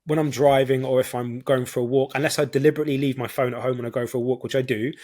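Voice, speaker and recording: A man's voice: medium pitch, fairly even intonation, racing, warm tone. Chatty British man explaining things. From United Kingdom. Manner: chatty, explains with everyday examples. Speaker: podcast guest. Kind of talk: casual conversational interview.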